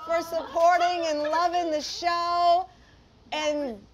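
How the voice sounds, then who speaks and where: A woman's voice: very high voice, slow, slight background noise. A woman talk show host chatting playfully with fans at a restaurant, laughing and effusive. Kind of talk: casual chat with surprised fans. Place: busy restaurant indoors. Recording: lively crowd chatter around.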